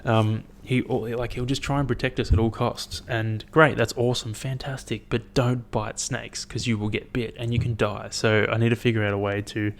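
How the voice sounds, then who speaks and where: A young man hosting his own podcast, chatting in a rambling, profane, animated way as he tells stories. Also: mid-range voice, moderate pace, hardly any pauses, a little hiss or hum. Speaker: podcast host. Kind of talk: casual solo podcast chat.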